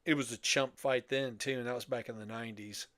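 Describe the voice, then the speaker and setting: A man's voice: medium pitch, steady tone, a little fast, fairly bright tone, no echo. Older man with a dry, close sound. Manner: rambling storyteller, wry, laughs often. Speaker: podcast co-host. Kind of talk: casual chat.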